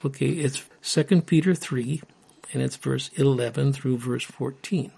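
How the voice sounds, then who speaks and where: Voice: mid-range voice, unhurried, gravelly, dark tone, husky. A podcast co-host in a casual faith discussion, reflective, who reads scripture aloud.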